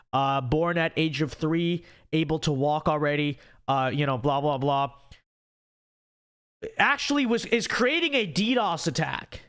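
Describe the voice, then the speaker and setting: A man's voice: a little high, a bit bright. A young man hosting a casual livestream, reading out super chats and joking around, his voice strained and worn from a long stream. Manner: rambling, joking asides. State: strained, failing voice. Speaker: livestream host.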